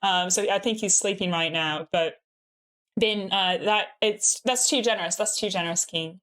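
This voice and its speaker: A woman's voice: mid-range voice, normal speed, fairly bright tone. A young American woman streaming a game and chatting casually with her viewers, giggling often and filling her talk with "like.". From United States. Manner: giggly, bubbly, peppers speech with "like".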